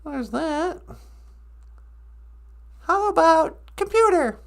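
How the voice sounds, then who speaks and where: A woman's voice: very high-pitched, slow, vocal fry, pauses often. A woman co-hosting a casual, playful podcast, goofing around and making beeping computer noises. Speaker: podcast co-host.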